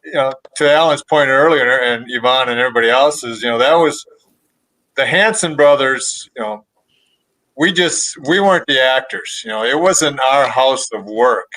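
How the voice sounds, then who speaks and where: A man's voice: mid-range voice, bright, forceful tone, poor audio. A man in his sixties, a panel guest on a video call, telling stories in a laid-back way full of "you know" fillers. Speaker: panel guest, former cast member. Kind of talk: casual storytelling on a video call.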